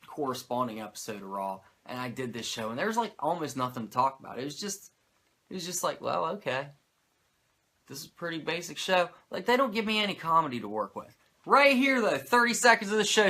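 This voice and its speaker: A man with a fairly high, pushed and bright voice runs a casual wrestling recap podcast. He swears frequently, says "like" constantly, and rants incredulously.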